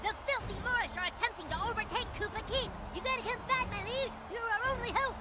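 A woman voicing an excitable young boy playing a knight in a cartoon video game. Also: very high-pitched, fast, over music. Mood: pleading. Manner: urgent, excitable.

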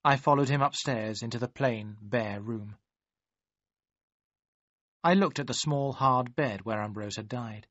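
A man reading a story aloud in measured, even storytelling narration. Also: mid-range voice, no echo. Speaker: audiobook narrator. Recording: dry, slightly dull audio.

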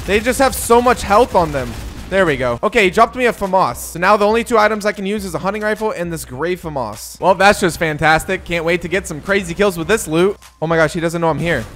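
Young male gaming YouTuber, high-pitched, casual and excitable play-by-play. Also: fast talker, soft background music. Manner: excitable, jumps to yelps at in-game moments. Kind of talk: casual gameplay commentary.

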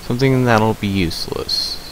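Over heavy background noise, a man with a lowish voice chats casually with viewers while playing a survival game. The gameplay creator takes his time, rambling and leaning on lots of fillers.

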